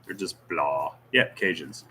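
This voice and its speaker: A man's voice: rumbling low, a little slow, sharp tone, a little hiss or hum. A man hosting a casual livestream Q&A, reading viewer comments aloud with jokes, teasing and rambling asides. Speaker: YouTube channel host.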